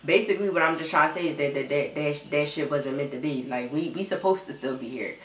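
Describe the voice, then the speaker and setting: Young woman vlogger, low voice, near tears, raw and repetitive, echoey room. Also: fast, fairly bright tone. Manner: raw, repetitive, swears often, talks straight to viewers. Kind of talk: emotional storytime vlog.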